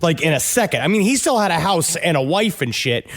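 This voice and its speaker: A man co-hosting a comedy podcast, his pitch a touch high and swinging widely. He rambles in a goofy, animated manner. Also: fairly quick. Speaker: podcast co-host. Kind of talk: comedic casual chat.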